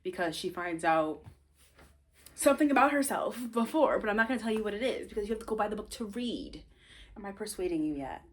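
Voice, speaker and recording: A woman's voice: mid-range voice, fairly quick. A woman casually retelling the plot of her novel, chatty and rambling, teasing her viewers with asides. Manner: chatty and animated, rambling, self-interrupting.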